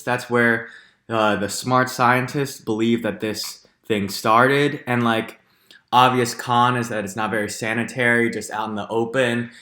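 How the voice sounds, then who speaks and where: A young man in his twenties ranting comically through a ranked list, animated and jokey, often jumping into squeaky high exclamations. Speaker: comedic vlogger. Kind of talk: comedic ranking rant. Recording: echoey room.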